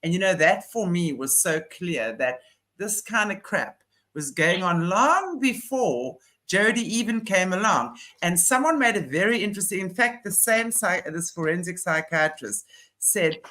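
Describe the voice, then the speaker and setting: Unhurried yet animated, this man's high voice sounds pushed and bright as he co-hosts a relaxed podcast conversation about a news case. His remarks are opinionated and explanatory.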